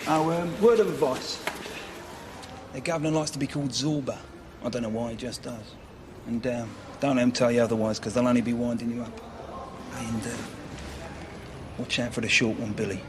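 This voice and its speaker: An actor playing a teasing London firefighter. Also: male voice, medium pitch, steady tone, normal speed, pauses often, background noise, close to an everyday voice. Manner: teasing, mocking banter. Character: cheeky veteran firefighter, teasing joker.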